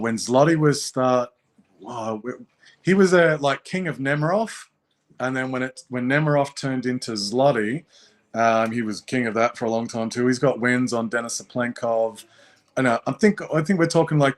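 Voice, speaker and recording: Young guy rambling about his sport, lots of ums, mid pitch. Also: normal speed. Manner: thoughtful, rambling with many fillers. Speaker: guest arm wrestler. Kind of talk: casual interview talk.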